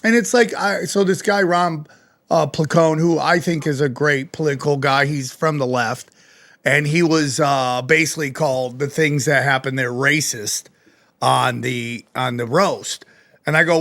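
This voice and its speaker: High-voiced man ranting on a podcast. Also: moderate pace, vocal fry. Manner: animated, profane ranting with mock-quoted exchanges. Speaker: podcast host. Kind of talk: casual podcast chat.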